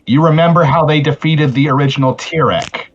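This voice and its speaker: A man's voice: a little high, brisk, a little hiss or hum. A man chatting eagerly as a player in a tabletop game, quizzing the others with questions. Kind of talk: casual chat during a tabletop game. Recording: muffled lo-fi audio.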